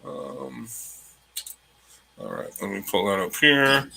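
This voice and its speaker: A man's voice: deep voice, sing-song, very slow, creaky, long pauses, pushed and bright, rough recording. A man hosting an online discussion group, rambling and repeating himself, with mocking asides.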